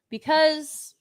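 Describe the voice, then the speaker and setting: Woman host of a live review stream, fairly high voice, speaks slowly and hits her points with indignant emphasis. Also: husky. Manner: indignant, emphatic, with sighs and restarts. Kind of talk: unscripted live review commentary.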